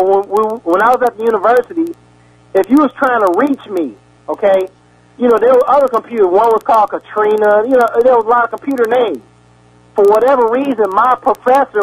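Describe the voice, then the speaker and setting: A man's voice: sits high, low-quality recording. A man giving a rambling sermon-style lecture over a radio broadcast, repeating words and asking his listeners questions. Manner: asks the audience questions.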